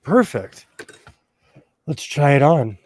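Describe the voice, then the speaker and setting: A man's voice: a little high, sing-song, takes it slowly, a little mellow. A middle-aged man hosting a casual sewing livestream from home, chatty and self-mocking, reading chat questions aloud.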